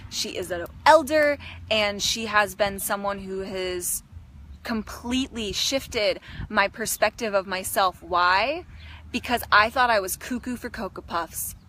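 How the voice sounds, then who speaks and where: A woman's voice: mid-range voice, sharp tone, slight background noise. A woman who calls herself a shaman, giving a playful, earnest spiritual monologue. She speaks emphatically and swears casually. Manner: playful and earnest, with frequent giggles. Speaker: spiritual teacher.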